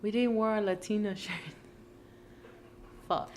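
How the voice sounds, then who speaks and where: A woman's voice: mid-range voice, fairly even intonation, a little slow, a little hiss or hum. A tired woman co-hosting an eating show in casual chat, giggling and losing her train of thought. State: tired from no sleep. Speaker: mukbang co-host.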